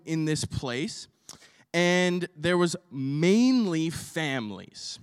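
Male pastor, energetic sermon, storytelling, slightly high voice, long reverb tail. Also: studio quality. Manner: energetic storytelling with audience questions.

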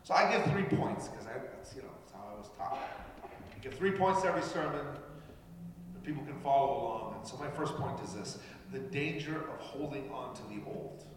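A man's voice: mid-range voice, animated, fairly quick, noisy background. A man from Canada preaching a sermon, talking conversationally and addressing the congregation directly. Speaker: pastor. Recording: echoey hall with long reverb.

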